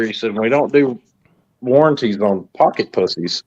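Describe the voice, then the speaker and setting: A man's voice: medium pitch, normal speed, a little mellow, highs cut off. A man telling a crude story in casual chat, laughing as he goes.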